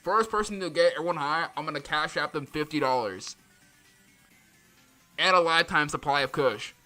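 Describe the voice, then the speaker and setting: A man's voice: on the high side, normal speed, sharp tone, faint music behind. A man voicing a scheming male villain who brags in offhand slang. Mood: boastful.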